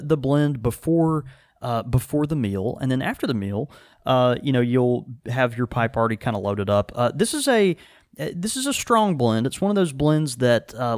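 A man's voice: medium pitch, dry recording, studio quality. A man hosting a casual podcast about pipe tobacco, rambling with many fillers and laughing easily. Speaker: podcast host. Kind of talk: casual chat.

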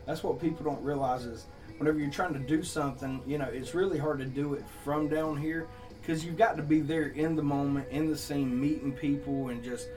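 A young man with a Georgia Southern accent spins loose, laughing stories about the music scene, swearing freely in casual podcast chat. His voice sits a little high for a man. He sounds set back from the microphone, a touch distant. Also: steady tone, brisk. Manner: rambling, laughing storyteller with cursing. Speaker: country songwriter and musician.

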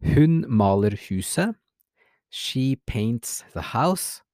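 A man teaching a language lesson, modelling example sentences slowly and clearly. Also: medium pitch, sing-song, a little mellow, dry recording, studio quality.

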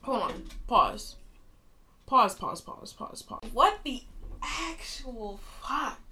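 A young woman co-hosting a casual chat show, talking bluntly and swearing without a second thought. Her pitch sits a little high and swings widely as she reacts. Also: huge pitch swings, slow, pushed and bright. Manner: blunt, outspoken, swears freely. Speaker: podcast co-host.

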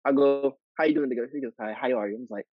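A man hosting a podcast, telling stories with animated acted-out dialogue. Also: mid-range voice, fast talker, no room sound, muffled recording. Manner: animated storyteller, acts out dialogue. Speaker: podcast host. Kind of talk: casual chat.

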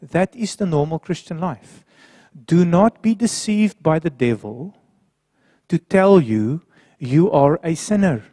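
A man preaching a sermon who swings between quiet, low passages and raised, emphatic ones. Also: expressive, slow pace, no room sound, clean studio sound.

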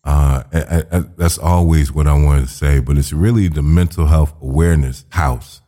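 Man, very low voice, podcast host, casual joking chat, swears freely. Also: moderate pace, warm tone. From Chicago. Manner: loose, joking and profane.

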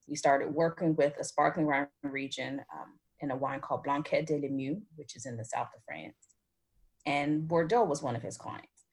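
A woman from the United States answers interview questions as a wine expert. Her voice sits low with a husky, breathy edge. She tells her stories animatedly and drifts into tangents. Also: normal speed. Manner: animated storyteller, chatty with tangents.

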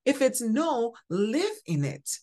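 A woman's voice: a little high, big pitch swings, dark tone. A woman hosting a devotional podcast, teaching scripture in an emphatic, preacherly way. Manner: slow, emphatic, preacherly, stresses single words. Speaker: podcast host.

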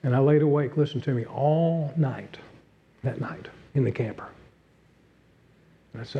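A middle-aged man preaching a sermon as pastor, earnest, dropping to a hush and rising again. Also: medium pitch, unhurried, pauses often. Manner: earnest, swings from loud to hushed. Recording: dull lo-fi sound.

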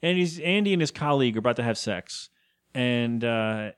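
A man's voice: medium pitch, animated, moderate pace, clear, resonant tone. A young man co-hosting a podcast, rambling through a TV episode recap and acting out the characters' lines in put-on voices. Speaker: podcast co-host. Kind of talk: casual chat recapping a TV episode.

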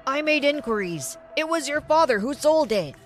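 A woman voicing an angry male pawn shop owner who shouts accusations. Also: high voice, expressive, moderate pace, soft background music.

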